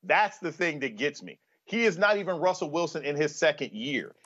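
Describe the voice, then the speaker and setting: A man's voice: on the high side, animated, moderate pace, a bit bright, breathy edge, lo-fi sound. A middle-aged man in casual sports banter, talking emphatically with playful trash talk. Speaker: guest commentator.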